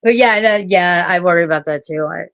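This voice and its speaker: A woman's voice: lowish voice, a little fast, a bit bright, clean tone, dry recording. A woman calling into a casual online group chat, joking crudely and speaking bluntly. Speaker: guest caller.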